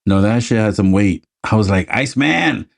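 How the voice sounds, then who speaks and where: A man's voice: on the low side, little pitch movement, brisk, darkish tone. A man co-hosting a podcast in casual chat, laid-back and swearing freely as he acts out lines from a film. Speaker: podcast co-host.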